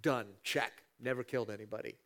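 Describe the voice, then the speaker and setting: A man preaching a sermon as pastor, animated and building to emphatic peaks, dramatizing scripture with voiced asides. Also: mid-range voice, fairly quick.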